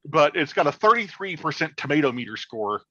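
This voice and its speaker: A man's voice: on the high side, big pitch swings, a little fast, fairly bright tone, no echo, muffled recording. A man co-hosting a casual podcast chat, talking enthusiastically and profanely, with frequent fillers and restarts. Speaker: podcast co-host.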